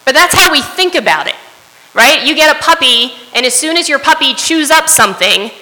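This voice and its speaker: A woman's voice: high voice, lively intonation, brisk, sharp tone. A woman preaching a sermon in an earnest way, often asking her listeners "right?" as she goes. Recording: long hall reverb.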